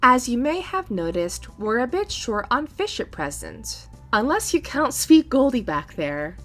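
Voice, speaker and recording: A woman's voice: on the high side, sing-song, measured pace, fairly bright tone, faint music behind, heavily acted. A woman voicing a courteous, old-fashioned aquarium curator in a cozy farming game. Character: polite formal aquarium curator.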